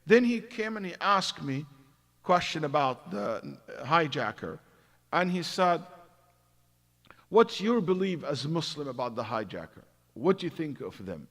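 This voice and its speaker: A man giving a religious lecture, acting out stories and swinging between loud emphasis and hushed asides. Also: a little high. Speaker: imam giving a Quran commentary class. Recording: long hall reverb.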